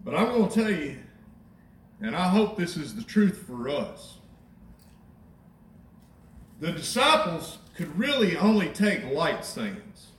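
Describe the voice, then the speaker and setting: Animated preacher in an echoey church. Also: male voice, on the high side, takes it slowly, long pauses, far from the mic, a little hiss or hum. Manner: conversational, animated, wry asides. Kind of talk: sermon. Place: church sanctuary.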